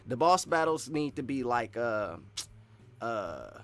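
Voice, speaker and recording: A man giving casual, excitable live-stream commentary while wearing earphones, rambling and swinging between loud and soft. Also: mid-range voice, takes it slowly, faint music behind. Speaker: streamer reacting to game news.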